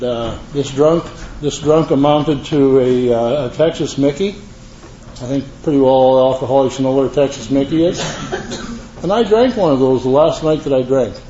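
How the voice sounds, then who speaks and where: A man's voice: fairly high pitch, dark tone. Older man rambling in an echoey hall. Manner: rambling, earnest storytelling with folksy asides. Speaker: recovery meeting speaker. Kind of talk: personal testimony to a live audience. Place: meeting room with an audience. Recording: echoey room, dull lo-fi sound, faint hiss.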